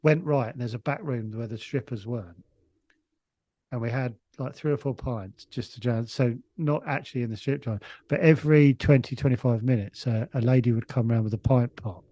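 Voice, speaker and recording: A man's voice: medium pitch, moderate pace, warm tone, no room sound. Rambling man telling a story. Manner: rambling storyteller with frequent restarts and laughs. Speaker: comedian guest. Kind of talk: casual anecdote.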